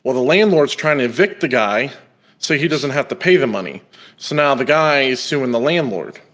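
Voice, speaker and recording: This young man, a podcast host, chats casually while telling a story and brings quoted people to life by acting out their voices. His mid-range voice moves at a normal speed.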